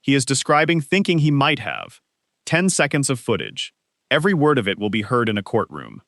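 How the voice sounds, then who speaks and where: A man narrating a true-crime interrogation video in a measured, pointed voice-over. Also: medium pitch, big pitch swings, creaky, fairly bright tone, dry recording, clean studio sound.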